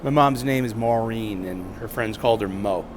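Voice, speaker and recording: A middle-aged man vlogging on a subway train, talking candidly in a rambling monologue with joking asides. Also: normal speed. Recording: loud rumbling train noise. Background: subway train and announcements.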